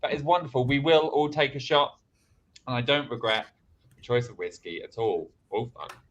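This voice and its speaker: A man's voice: mid-range voice, moderate pace, a bit bright, highs cut off. A man hosting an online improv comedy livestream, chatting casually and reading out viewer donations.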